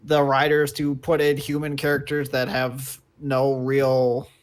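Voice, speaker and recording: A man's voice: medium pitch, monotone, measured pace. A man co-hosting a podcast in casual chat, laid-back, mostly giving short agreeing replies. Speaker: podcast co-host.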